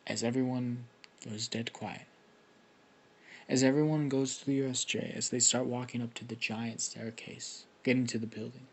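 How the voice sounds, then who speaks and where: A man's voice: medium pitch, fairly even intonation, normal speed, husky. A young man casually improvising a fan story, rambling and swearing with lots of restarts.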